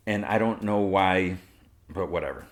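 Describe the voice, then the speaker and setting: A low-voiced podcast host speaks at a moderate pace while recapping an episode, rambling casually with plenty of fillers and restarts.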